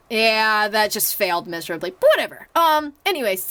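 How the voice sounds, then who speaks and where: A talkative young woman gives a casual spoken movie review, wandering through it with lots of fillers and false starts while acting out her reactions. Her slightly high voice is expressive and fairly bright, at a moderate pace. The audio is close and dry, without echo or any sense of room.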